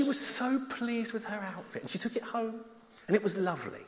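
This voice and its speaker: A man preaching, telling a story with props and then reading a psalm, animated and at times dropping soft. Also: high voice, fairly quick, a little hiss or hum. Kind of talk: children's talk and Bible reading. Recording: long hall reverb.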